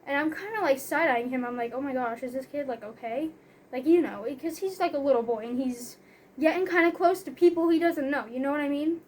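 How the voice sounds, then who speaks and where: A woman's voice: high-pitched, fairly quick, a little hiss or hum. A young woman telling a story in a casual, rambling way, filling her talk with "like" and "you know".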